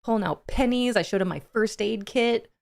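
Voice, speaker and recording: A woman's voice: fairly high pitch, normal speed, gravelly, darkish tone. A young adult woman streaming live, chatting casually with her viewers, greeting them by name and laughing often.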